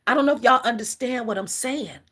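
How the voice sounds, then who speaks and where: A middle-aged woman gives an emotional, halting spiritual message on a livestream, often calling her viewers "collective.". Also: a little high, a bit bright, breathy edge. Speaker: spiritual reader.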